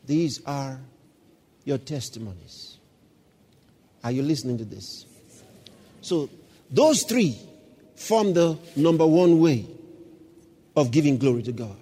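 A man preaching a sermon, moving from calm Bible teaching to loud shouts of praise. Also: medium pitch, takes it slowly, long pauses, slightly rough, long reverb tail. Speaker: pastor.

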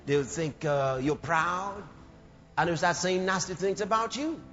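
Man, very high voice, fervent sermon, echo from a long reverberant hall, dull muffled sound. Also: a little slow, faint music behind. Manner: fervent, shouting peaks, acts out quoted people. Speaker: preacher.

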